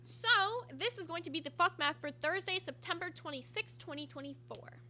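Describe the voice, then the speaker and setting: Bright, high-voiced female co-host. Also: a little fast. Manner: upbeat, thanks supporters, reads headlines. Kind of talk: casual livestream chat.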